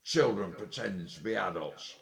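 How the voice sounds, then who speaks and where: A tipsy man delivering an angry, sweary, rambling monologue, with sudden loud outbursts. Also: low voice, animated, normal speed, gravelly. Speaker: vlogger. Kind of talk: ranting monologue.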